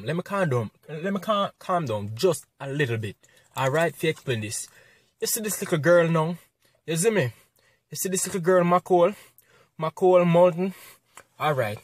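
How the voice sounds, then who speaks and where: A Jamaican man with a strikingly high-pitched voice vents in a heated, preachy commentary. He hammers his points with repeated rhetorical questions. The sound is dry and close, with no room around it. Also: no room sound. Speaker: online commentator. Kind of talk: impassioned commentary rant.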